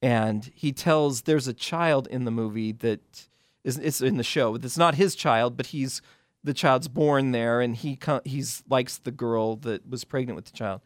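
A man's voice: mid-range voice, unhurried, no echo, clean studio sound. A man who is a film critic, a guest on a radio talk show, explaining scenes in a loose, rambling way with frequent restarts.

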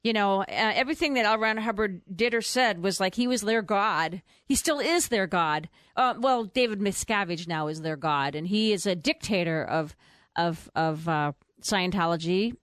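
A woman's voice: mid-range voice, moderate pace, a bit bright, clean tone, dry recording, clean studio sound. A middle-aged woman telling her personal story as an interview guest. She rambles with fillers and restarts, and acts out the voices of the people she quotes.

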